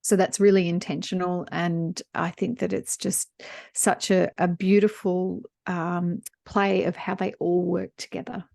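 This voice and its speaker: A woman co-hosting a business podcast, telling personal stories in an animated way. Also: lowish voice, unhurried, gravelly, no room sound, studio quality. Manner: warm storyteller, animated when retelling scenes. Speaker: podcast co-host. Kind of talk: casual business podcast chat, storytelling.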